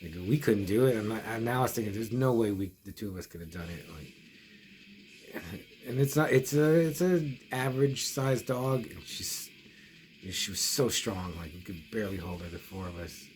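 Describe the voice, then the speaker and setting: A man's voice: lowish voice, moderate pace, darkish tone, slight background noise. A middle-aged man casually telling a long story for his horror review vlog, rambling with many restarts and quoted asides. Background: music.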